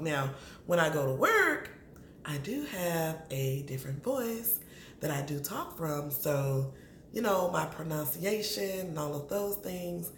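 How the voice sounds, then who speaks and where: A woman, chatting casually to camera as she reviews a reality show and talks straight to its people. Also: sits low. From Atlanta. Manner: chatty, animated, addresses people on the show directly. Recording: roomy echo, faint background noise.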